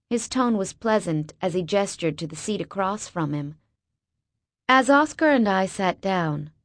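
A woman's voice: on the low side, no echo. A woman narrating a first-person novel with wry, sarcastic asides, on a close mic. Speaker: audiobook narrator.

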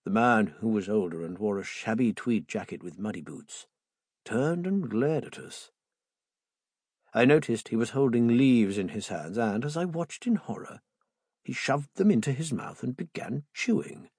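A man narrates a story in a measured first-person tone, and his pitch moves expressively. His voice is slightly husky, and the recording is close and dry. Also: lively intonation, darkish tone, no echo. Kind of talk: audiobook narration.

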